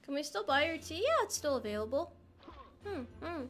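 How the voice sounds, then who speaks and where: Very animated and at normal speed, a young woman from the US banters playfully with her stream's chat while gaming, rambling as she goes. Her voice is high with a fairly bright tone, over soft background music.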